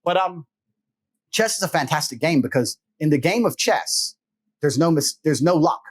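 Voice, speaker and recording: A man as an interview guest, giving an emphatic motivational talk in a blunt, forceful and profane way. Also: fairly high pitch, lively intonation, moderate pace, husky.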